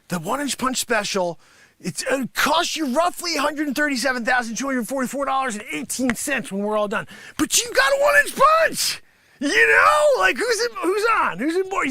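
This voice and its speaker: A man's voice: extremely high pitch, no echo, full character voice. A man playing a bragging karate sensei. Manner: bragging, scolding, swings into shouts. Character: boastful, money-grubbing male karate sensei. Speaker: livestream host. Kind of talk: improvised comedy character bit.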